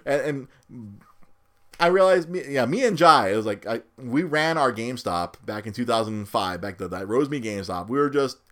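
A man's voice: medium pitch, lively intonation, moderate pace, a bit bright. A man in his thirties, a new father, talking casually and rambling, repeating words as he goes and often laughing at himself. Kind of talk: casual chat.

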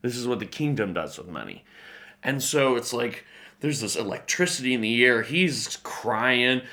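A pastor telling a story as a guest in an interview, animated and acting out the voices of people in his story, laughing often. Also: medium pitch, normal speed.

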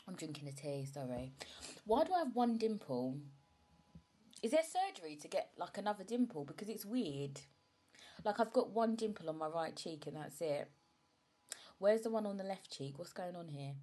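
Young woman, low-ish pitch, casual vlog chat, frank, swears, emotional. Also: sing-song, moderate pace, mellow. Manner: chatty and frank, swears, many fillers. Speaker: vlogger, mother.

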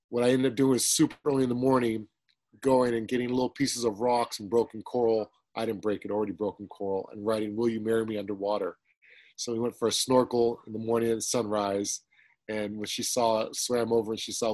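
A man in casual conversation, telling a story in a relaxed way. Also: on the low side, a little fast, dry recording, poor audio. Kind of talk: casual chat.

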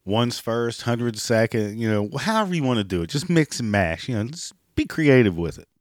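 Man, raspy hoarse voice, sarcastic ranting commentary, dry close sound. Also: mid-range voice, very animated, fairly quick, no room sound. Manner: profane and sarcastic, mocking. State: hoarse, clearing throat and coughing. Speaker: commentary vlogger.

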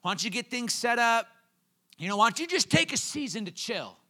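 A young man preaching a sermon, telling a story with quoted voices and laughs before building to fervent, loud calls. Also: very high-pitched, sing-song, fairly quick. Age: young adult. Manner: laughs between lines.

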